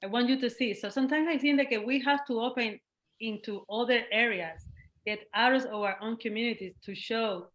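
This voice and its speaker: A Cuban woman with a Cuban Spanish accent, appearing as a guest artist in a casual interview. Her voice is fairly high and her pace normal, and she's animated, laughing often and acting out the voices of people she quotes.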